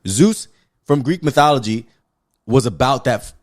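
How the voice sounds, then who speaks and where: Male podcast co-host, mid-pitched, from the Pacific Islands, swings between loud rants and mutters. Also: moderate pace. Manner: animated, profane, emphatic love-hate rants. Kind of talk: casual movie review chat.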